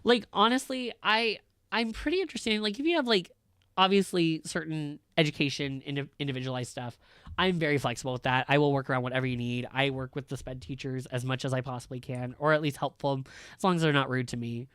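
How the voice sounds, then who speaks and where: A man who works as a high school teacher, ranting in casual chat, blunt and profane, with lots of fillers. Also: fast, a bit bright, clean tone, no room sound, studio quality.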